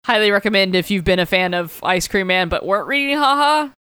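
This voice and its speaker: Guy cohosting a comics podcast, bright clear voice, laughs and swears a lot, dry sound. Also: high-pitched, brisk, dry recording. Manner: laughs often, swears casually, rambling with fillers. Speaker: podcast co-host. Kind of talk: casual comic book chat.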